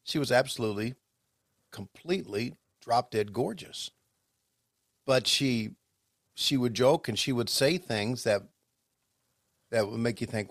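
A man co-hosting a podcast, chatting casually and telling rambling stories with many halting restarts. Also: mid-range voice, dry recording, clean studio sound. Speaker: podcast co-host, former wrestling commentator. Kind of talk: casual chat.

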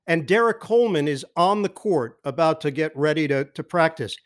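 A man who works as a sports broadcaster, telling lively anecdotes as a podcast guest and mimicking the people in them. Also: on the high side, moderate pace. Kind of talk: animated storytelling in a podcast interview.

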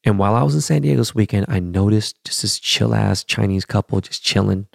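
A middle-aged man hosting a podcast, talking bluntly and profanely in a casual monologue that swings between loud and soft. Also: fairly low pitch, a little fast, creaky, no echo, clean studio sound. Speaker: podcast host.

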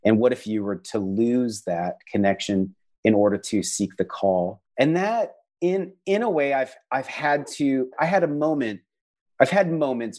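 In a conversational interview, a male visual artist reflects earnestly on his art and his faith, often restarting sentences and using lots of fillers. He speaks in a medium-pitched voice with a darkish tone.

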